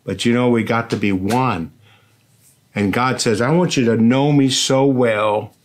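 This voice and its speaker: An older man preaching a sermon as pastor, slow and earnest, often asking "does that make sense". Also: mid-range voice, slight background noise.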